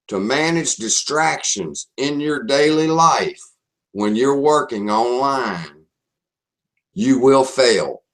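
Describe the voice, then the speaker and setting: A man's voice: medium pitch, lively intonation, slow. A man with a Southern US accent presenting a live online marketing webinar, speaking emphatically and repeating his key phrases.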